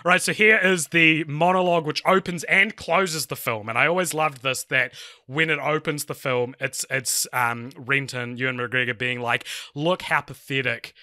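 A man's voice: on the high side, steady tone, moderate pace, bright, forceful tone, no room sound, studio quality. A man co-hosting a film podcast in casual, rambling talk full of fillers. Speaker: podcast co-host.

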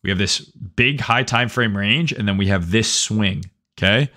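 A man with a fairly low voice hosts a trading livestream in a loose, conversational way. He swears freely, keeps asking "right?", and breaks off to read chat messages aloud. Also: measured pace, bright, forceful tone. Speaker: livestream host, trading educator. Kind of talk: casual livestream talk.

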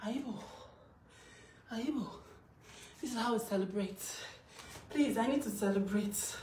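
A woman pours out an emotional, celebratory vlog from her house, chanting and laughing as she talks. Her voice sits a little high. She stands away from the microphone in an echoey room with a faint hiss behind her. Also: a little slow, a little mellow. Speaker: vlogger. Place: her home, indoors. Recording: roomy, distant from the mic.

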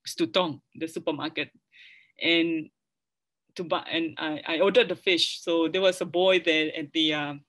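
A woman's voice: sits low, fairly even intonation, unhurried, fairly bright tone. A middle-aged woman from Sarawak with a Malaysian English accent, giving a public lecture with slides, often restarting phrases and adding tag questions to the audience. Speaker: academic lecturer.

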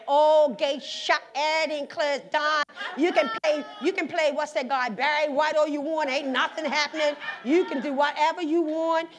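A Bermudian woman pastor preaching a sermon in a church, moving from quiet conversational stretches to loud shouts with laughing asides. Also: high voice. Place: church sanctuary.

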